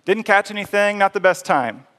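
A tired, grumbling fisherman talks bluntly, as a preacher puts him on in a sermon, his voice pitched a little high. He is exasperated one moment and earnest the next, and the long reverb of a big hall trails behind every word. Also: lively intonation, normal speed, a bit bright. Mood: weary.

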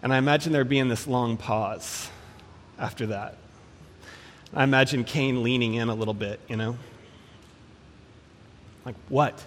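A man preaching a sermon in a measured, emphatic way, slowing down to stress key phrases. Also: mid-range voice, fairly even intonation, long reverb tail, slight background noise.

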